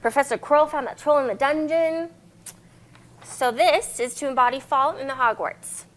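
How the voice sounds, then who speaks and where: A woman's voice: high voice, normal speed, fairly bright tone. Cheerful woman teaching children poetry. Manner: cheerful, encouraging, clapping out syllables. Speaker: children's librarian. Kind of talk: children's library lesson.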